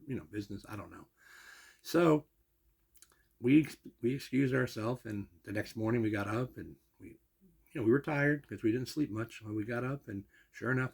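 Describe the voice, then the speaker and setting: A man's voice: on the low side, brisk, darkish tone. An older man telling a long personal story in a rambling, casual way, full of asides and restarts. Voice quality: gravelly, husky.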